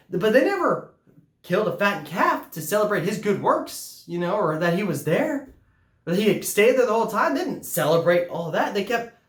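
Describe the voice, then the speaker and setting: A woman preaching a sermon in a lively, conversational way. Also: mid-range voice, roomy sound.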